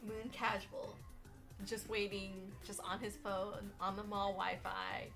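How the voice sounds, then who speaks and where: A woman narrating a comic storytime, animated and full of swearing, dropping to mumbles and then rising loud. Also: mid-range voice, takes it slowly, gravelly, soft background music. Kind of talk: casual comedic storytime voice-over.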